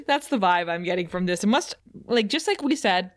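A woman co-hosts a casual podcast recap, talking through scenes in an easy, chatty way. Laughter keeps breaking into her sentences. Her voice sits at an ordinary middle pitch. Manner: giggly, laughs often while talking. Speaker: podcast co-host.

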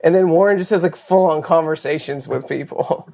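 An American podcast host chatting in a relaxed, self-deprecating way about touring. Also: mid-range voice, fairly quick, creaky. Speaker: podcast host, band member. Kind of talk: casual podcast chat.

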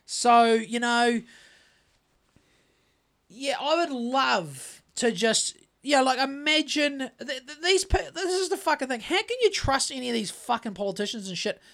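A man's voice: extremely high pitch, animated, a little slow, gravelly, a bit bright. A man with a New Zealand accent co-hosting a podcast in casual chat, rambling and swearing, with many restarts. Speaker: podcast co-host.

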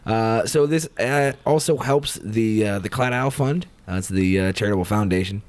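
A man's voice: on the low side, moderate pace, a little mellow. A man co-hosting a casual beer-tasting podcast, wry, with frequent "uh"s while reading beer details. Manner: wry, reads beer stats with filler "uh"s. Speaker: podcast co-host.

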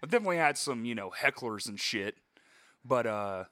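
A man's voice: mid-range voice, lively intonation, brisk, sharp tone, no echo, clean studio sound. A man in a casual chat, laid-back and profane, often laughing along. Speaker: musician and former security guard.

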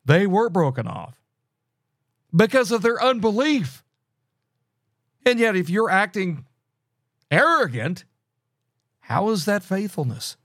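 A man's voice: sits high, sing-song, takes it slowly, pauses often, a bit bright, dry recording, clean studio sound. A middle-aged man teaching a sermon, earnest and scolding, often restarting his sentences. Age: middle-aged or older. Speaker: preacher.

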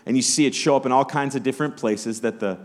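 A man's voice: medium pitch, quick pace. A pastor preaching a Sunday sermon in church, conversational, acting out the voices of Bible characters as he tells the story.

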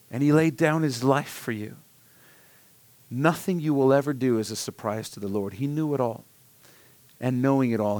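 Male preacher, earnest sermon delivery, soft emphatic drops, dry close recording. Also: mid-range voice, dry recording. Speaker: pastor.

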